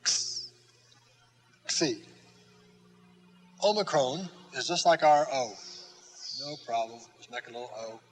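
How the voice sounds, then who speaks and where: Man, patient teacher, middle-pitched voice, unhurried, lots of ums and restarts. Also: expressive, a little hiss or hum, poor audio. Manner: slow, patient, with many fillers and restarts; demonstrates sounds and letter strokes. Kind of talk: classroom lesson.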